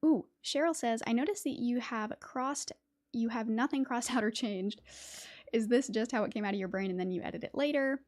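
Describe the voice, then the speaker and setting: A woman's voice: fairly high pitch, a little fast, darkish tone. A woman from West Virginia hosting a casual livestream, chatting, laughing often and reading poetry aloud. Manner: chatty, laughs often, many fillers and restarts. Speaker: YouTube host.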